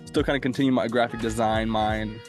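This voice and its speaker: Relaxed young male guest in his twenties. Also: on the low side, brisk, faint music behind. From Minnesota, USA. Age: 20s. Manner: relaxed, conversational storyteller. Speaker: guest, video producer. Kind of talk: casual interview storytelling.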